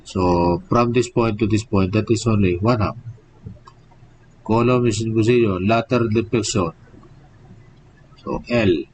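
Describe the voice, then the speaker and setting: A man's voice: lowish voice, unhurried, long pauses, darkish tone, a little hiss or hum, poor audio. A male engineering professor giving a live-streamed lecture, drilling each point and checking in with "okay?" and rhetorical "what?".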